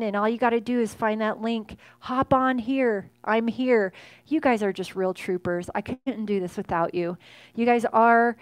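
A woman in her forties, a fitness instructor chatting warmly and effusively with her live class from an indoor space. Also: on the high side, no echo. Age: 40s. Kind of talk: casual chat to a live class. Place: indoor home workout space.

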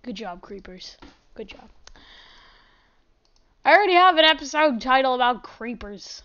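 A woman giving casual, excitable gameplay commentary as a channel host, chatty and prone to sudden shouts and apologies. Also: sits high, normal speed, highs cut off.

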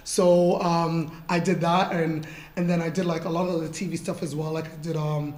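A woman's voice: low voice, level tone, moderate pace, a little mellow, reverberant. A woman in her forties from Canada, a model answering interview questions at a live talk in a casual, chatty way, laughing often and using lots of fillers. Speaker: guest model in an artist talk. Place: event room with an audience.

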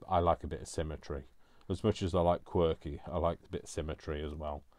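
Man, very low voice, rambling craft chat, self-mocking. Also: steady tone, fast, darkish tone, no echo. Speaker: craft vlogger. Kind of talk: casual chat while crafting.

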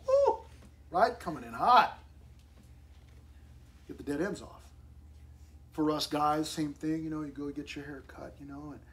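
A male pastor, preaching a sermon in a conversational, animated way with asides to the congregation. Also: fairly high pitch.

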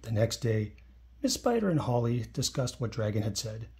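A man reads a children's storybook aloud, friendly and expressive. His voice is mellow and soft-toned, with a lively, swinging melody that rises and falls through each sentence. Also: mid-range voice, normal speed. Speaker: storybook reader. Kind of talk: reading a children's book aloud.

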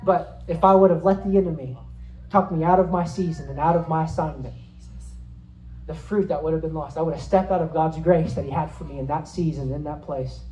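A man preaching a sermon, telling a vivid dream story with animated delivery and then leading a prayer. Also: fairly high pitch, fairly quick, reverberant, a little hiss or hum, rough recording. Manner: animated storytelling, acting out scenes, rising to shouts. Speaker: pastor.

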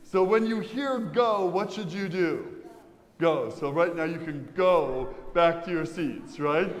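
Male pastor, high-pitched, quizzes the pews, long church reverb. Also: takes it slowly, a little hiss or hum. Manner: lively, asks the congregation questions. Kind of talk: sermon. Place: large church.

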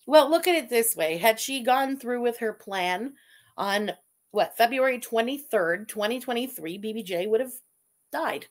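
Brief: young woman streamer, blunt and profane, slightly high voice. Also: lively intonation, moderate pace. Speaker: streamer host. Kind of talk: casual livestream chat.

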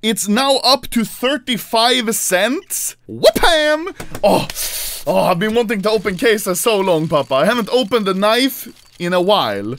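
A man hosting a casual gaming video, excitable and joking, with loud outbursts. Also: high-pitched, unhurried, no echo. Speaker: host.

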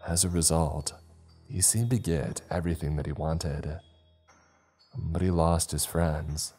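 A man narrating a scripted horror story in a slow, ominous manner. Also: rumbling low, fairly even intonation, mellow, husky, soft background music.

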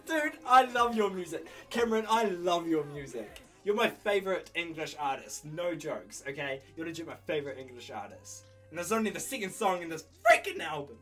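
A man with a New Zealand accent gushes through an excitable reaction, voice pitched high and sharp in tone, coughing now and then from a cold. His pitch leaps all over, and music plays faintly behind him. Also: a little fast, hardly any pauses. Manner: excitable, gushing, laughing and shouting often. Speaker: YouTuber reacting to an album. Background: music playing faintly.

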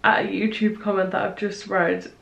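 A young woman chatting casually as she narrates her crafting work in a vlog, self-conscious and softly emotional at times. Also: mid-range voice, unhurried. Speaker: small business artist, vlogger.

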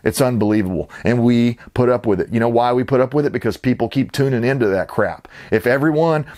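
A man's voice: medium pitch, quick pace, a little mellow. A man hosting his own channel, ranting with sarcastic, indignant, rambling commentary. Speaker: channel host.

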